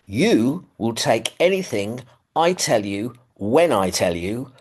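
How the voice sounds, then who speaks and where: A man's voice: mid-range voice, big pitch swings, takes it slowly, darkish tone, husky, exaggerated voice. A man with a London accent voicing a blunt female surgeon who gives curt, no-nonsense orders. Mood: stern. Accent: London English.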